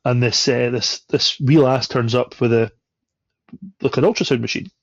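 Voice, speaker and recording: A man with a gravelly, creaky voice tells a story in a relaxed, chatty way, slipping into the voices of the people in it. The recording is dry and a little dull. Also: mid-range voice, normal speed, no room sound. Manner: animated, acts out quoted voices. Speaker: podcast guest. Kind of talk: casual storytelling.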